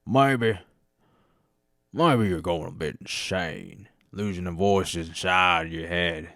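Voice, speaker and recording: A man doing a gruff weary cowboy outlaw. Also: sits low, takes it slowly, a bit bright, no echo, studio quality, full character voice. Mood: musing.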